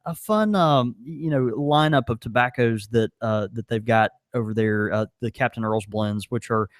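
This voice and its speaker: A man's voice: mid-range voice, moderate pace, no echo, studio quality. A man co-hosting a podcast in casual chat, rambling with lots of fillers. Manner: rambling, many fillers, animated. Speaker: podcast co-host.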